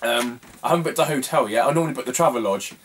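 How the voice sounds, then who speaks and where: A man's voice: mid-range voice, racing, a bit bright, breathy edge, far from the mic. Chatty young man, rambling and laughing. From England. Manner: rambling, laughs often, lots of fillers. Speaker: retro game collector vlogger. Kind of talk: casual chat.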